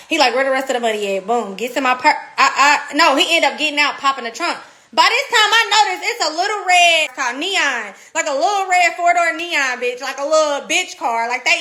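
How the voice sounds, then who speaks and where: A woman in her thirties telling a story in a casual, animated and profane way, laughing often. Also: high voice. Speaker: podcast guest.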